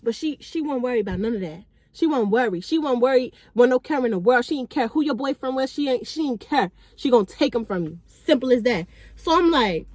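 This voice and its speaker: A young woman vlogger telling a party story in a casual, animated, blunt way, talking straight to her viewers. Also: fairly high pitch, no room sound. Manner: animated, slangy and blunt, addressing viewers as y'all.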